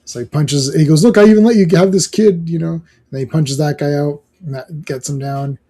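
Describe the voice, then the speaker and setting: Mellow-voiced man chatting about comics. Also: fairly high pitch, brisk. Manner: rambling, acts out quotes from the comic. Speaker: podcast co-host. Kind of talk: casual comic book discussion.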